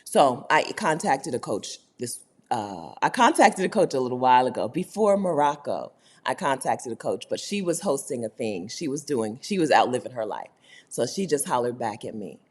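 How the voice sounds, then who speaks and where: A woman hosting a casual livestream, reading viewer comments aloud, emphatic and animated, laughing often and swinging between loud high bursts and low murmurs. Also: normal speed, breathy edge. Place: indoors, home setting while living abroad.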